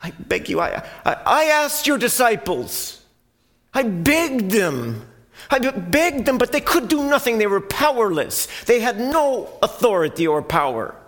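A man voicing a desperate father begging for help for his sick son, his voice straining high as he pleads. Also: expressive, measured pace, gravelly, few pauses. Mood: desperate pleading.

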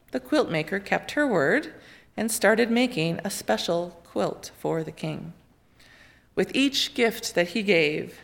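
A woman reading a children's picture book aloud in an expressive, lively storytelling way. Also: on the low side, creaky.

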